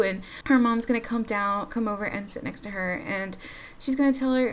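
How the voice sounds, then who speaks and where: A woman's voice: fairly high pitch, fairly quick, slight background noise. Bubbly woman chatting over gameplay. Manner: chatty, bubbly, frequent laughs. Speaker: life-sim gameplay YouTuber. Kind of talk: casual gameplay commentary.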